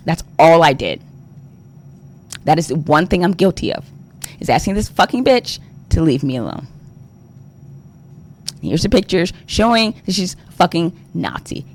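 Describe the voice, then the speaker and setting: Gravelly young man ranting on stream. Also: on the high side, big pitch swings, moderate pace, long pauses. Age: young adult. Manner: exasperated, rambling, heavy filler and swearing. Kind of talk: ranting livestream talk.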